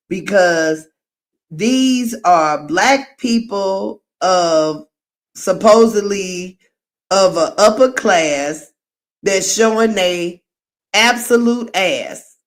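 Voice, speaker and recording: A woman's voice: medium pitch, expressive, very slow. A woman hosting a live reaction commentary, frank and exclaiming, with laughing asides. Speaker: host.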